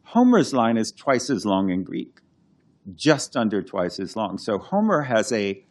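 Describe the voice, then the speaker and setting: A man with a slightly low voice speaks in a relaxed, lecturing way about his scholarly work. He pauses, restarts and thinks aloud, now and then sounding out verse beats. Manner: thoughtful, explanatory, halting restarts, chants verse rhythms. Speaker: classics scholar and translator. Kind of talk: conversational lecture.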